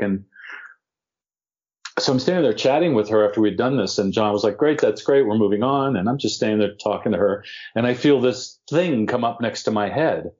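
A man, an actor, telling animated anecdotes as an interview guest and laughing now and then as he talks. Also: on the low side, muffled recording. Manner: animated storyteller, laughs mid-story.

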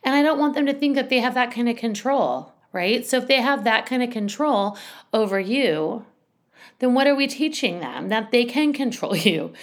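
A woman's voice: a little high, lively intonation, moderate pace. A woman giving casual parenting advice in a chatty, rambling way, full of asides and restarts. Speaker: parenting coach.

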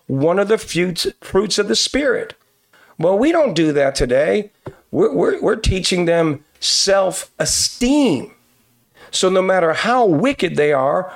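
A pastor giving sermon-like teaching, emphatic and preacherly, repeating phrases for stress. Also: male voice, a little high. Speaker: pastor and podcast host.

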